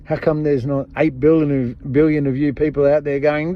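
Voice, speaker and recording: A man's voice: on the high side, fairly even intonation, moderate pace, few pauses. A man hosting a podcast, giving an impassioned, blunt monologue full of swearing and repeated emphatic phrases. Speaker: podcast host. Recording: dull lo-fi sound.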